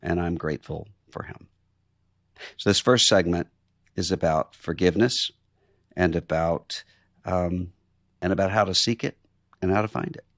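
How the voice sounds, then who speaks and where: Low-voiced earnest male podcast host. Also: moderate pace, pauses often, a bit bright, no room sound, clean studio sound. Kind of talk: reflective interview conversation.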